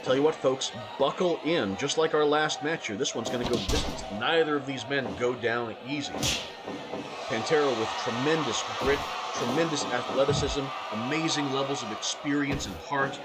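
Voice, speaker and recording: A man calling wrestling matches play-by-play, breathless and scratchy-throated, with excited shouts and frequent restarts. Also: medium pitch, normal speed, loud music behind the voice. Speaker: wrestling commentator. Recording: loud background noise.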